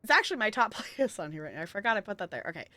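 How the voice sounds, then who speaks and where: A woman streaming a narrative game live, reading its text aloud and gushing with quick laughs between lines. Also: mid-range voice, sing-song, bright, forceful tone, no room sound.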